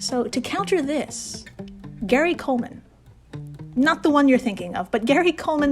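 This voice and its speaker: A woman hosting a casual storytelling podcast, swearing freely and laughing at her own asides. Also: on the high side. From New York. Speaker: podcast host.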